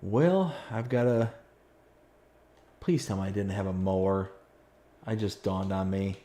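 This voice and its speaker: A low, mellow voice, a little slow, carries this live stream of a farming game. The man chats casually, reads out viewer comments, and turns on himself in sudden outbursts of frustration.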